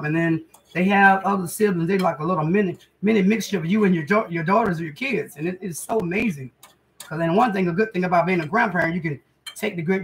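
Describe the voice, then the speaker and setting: In her kitchen, a middle-aged cooking channel host runs a relaxed home cooking vlog, homey and chatty as she talks to viewers, whom she calls guys and y'all. Her pitch is fairly low, and the poor-quality audio carries some hiss or hum.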